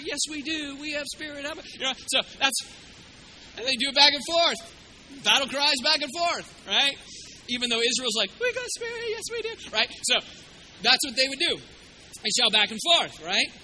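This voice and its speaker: A man preaching with a very high, piercing bright voice. He retells scripture casually, cracks jokes and suddenly gets loud when acting out lines. A faint room hum sits behind him. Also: low-quality recording. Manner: animated, joking, acts out quotes with sudden loud bursts. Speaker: pastor. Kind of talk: sermon.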